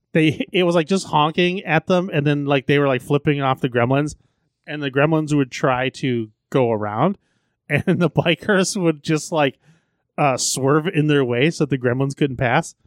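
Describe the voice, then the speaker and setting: A man's voice: mid-range voice, no room sound, studio quality. A man co-hosting a podcast, chatting loosely about a film and laughing as he retells its scenes. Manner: laughs often, retells scenes with acted quotes. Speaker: podcast co-host. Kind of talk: casual movie review chat.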